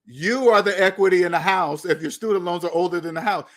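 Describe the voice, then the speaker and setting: A man's voice: high-pitched, fast, a bit bright. A man giving blunt, lecturing commentary on money and debt, often repeating himself. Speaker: finance commentator. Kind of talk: opinionated video commentary.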